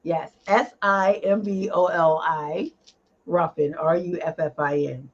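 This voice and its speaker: A woman guest in a casual interview, talking about her advocacy work, animated and quick to laugh, with filler-filled pauses. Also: lowish voice. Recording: dull lo-fi audio.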